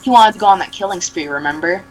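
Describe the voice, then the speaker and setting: A woman's voice: on the low side, a little hiss or hum, rough recording. A young woman mockingly reading fanfiction aloud, giggling and adding sarcastic asides. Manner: reads slowly, breaks into giggles and sarcastic asides. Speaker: reader.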